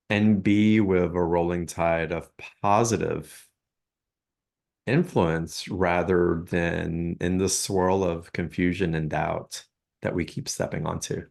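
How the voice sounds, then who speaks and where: A man hosts a call and reflects out loud in an easy, musing way. His voice is very low and gravelly with vocal fry, and he strings phrases together as he thinks. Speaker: host. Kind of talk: casual reflective chat.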